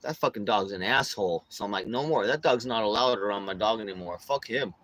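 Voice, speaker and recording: A man's voice: lowish voice, fairly quick, a bit bright. A young man chatting casually in a vlog, telling rambling, profane stories outdoors. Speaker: vlogger. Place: outdoors on a city street with his dog.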